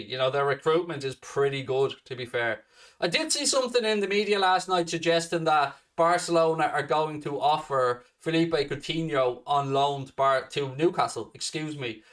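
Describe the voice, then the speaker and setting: Male host, mid pitch, blunt sweary chat answering questions, recorded a little off-mic. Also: a bit bright, recorded from a distance. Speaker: fan channel host. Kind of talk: casual live Q&A chat.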